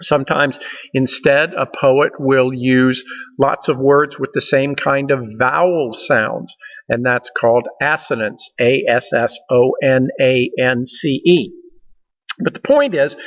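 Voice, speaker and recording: A man teaching an introductory college literature lecture, explaining at a measured pace with frequent fillers like uh and um. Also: a little high, a bit bright, big-room sound, rough recording. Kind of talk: recorded lecture.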